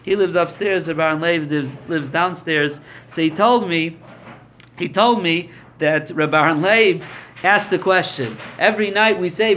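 Lively high-voiced man giving a Torah class. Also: slight background noise. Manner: lively storytelling, acts out quotes. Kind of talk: Torah lecture.

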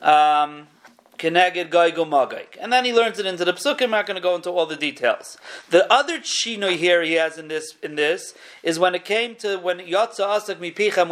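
A man's voice: on the high side, a bit bright. A man teaching a weekly text class in a conversational way, correcting himself as he goes and mixing Hebrew terms into his English. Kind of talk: textual study lecture.

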